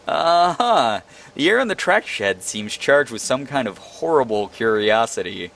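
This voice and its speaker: A young man reading a visual novel aloud as its narrator, breaking off into animated, self-mocking commentary. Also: mid-range voice, normal speed. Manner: animated, laughing asides between read lines. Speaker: game streamer.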